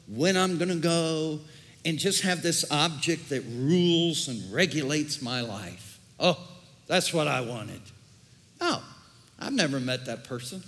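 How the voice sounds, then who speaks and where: Male pastor, slow deliberate delivery, jokey conversational sermon, long hall reverb. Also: a little high, fairly bright tone. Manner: conversational preaching with jokes and asides.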